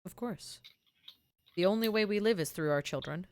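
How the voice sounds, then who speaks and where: A woman voicing a devoted lizardfolk druid parent, solemn and deliberate. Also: mid-range voice, natural voice.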